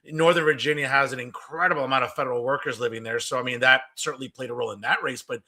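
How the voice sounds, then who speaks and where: A male host who rattles off questions at a fast clip. His voice is gravelly and bright, a little higher than most men's. He keeps things animated and chimes in with quick agreement. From New Jersey. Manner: quick, animated, affirming with frequent yeahs. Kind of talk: political interview talk.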